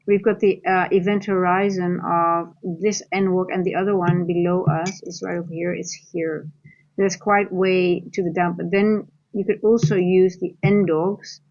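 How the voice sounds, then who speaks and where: A woman's voice: on the low side, steady tone, measured pace, a little mellow, highs cut off. A woman from the Netherlands, a Dutch speaker, coaching on a live trading stream. She rambles, restarts her sentences and reads the chat aloud as she goes.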